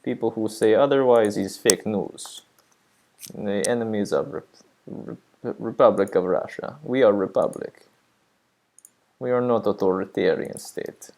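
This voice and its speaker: A man's voice: fairly low pitch, unhurried, creaky, a little mellow. A man putting on a blustering fake-Russian braggart. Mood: bragging. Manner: mock-official, defensive bluster. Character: boastful man faking a thick Russian accent. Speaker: livestream host.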